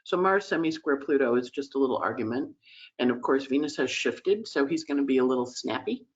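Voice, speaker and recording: A woman's voice: rumbling low, animated, fairly quick, highs cut off. A woman host giving a chatty weekly astrology forecast, emotional and teary at times, acting out little voices in quotes.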